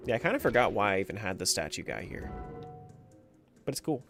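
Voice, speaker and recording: Animated man streaming a game. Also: on the low side, moderate pace, vocal fry, over music. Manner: talks to himself and to chat as he plays, laughs often. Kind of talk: casual live-stream chat while playing.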